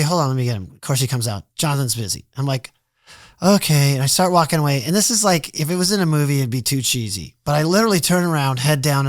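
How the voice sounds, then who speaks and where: A man telling stories as a podcast guest in casual talk, animated and quick to act out other people's lines, swearing freely. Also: medium pitch, dry recording, studio quality. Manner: animated storyteller who acts out quoted dialogue. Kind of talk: casual storytelling interview.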